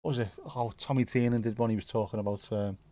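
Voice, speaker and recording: A man's voice: fairly low pitch, steady tone, fast, dark tone, no echo. A man hosting a casual livestream from home, chatting and musing aloud as he answers viewers. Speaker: livestream host.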